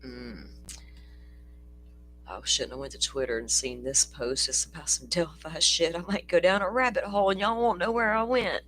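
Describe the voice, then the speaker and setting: A tired, chatty livestream host drifts from thought to thought, laughing often and cursing casually. The voice sits at an everyday middle pitch. A faint hum lies under the recording. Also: moderate pace, a bit bright. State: tired, yawning. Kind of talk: casual true-crime livestream chat.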